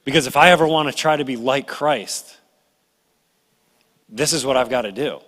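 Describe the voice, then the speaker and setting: A middle-aged man delivers a conversational sermon with a bright, ringing voice. He tells the story in an animated way, slipping into complaining voices. His words hang in the long reverb of a church hall. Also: medium pitch, moderate pace. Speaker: pastor. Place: church sanctuary.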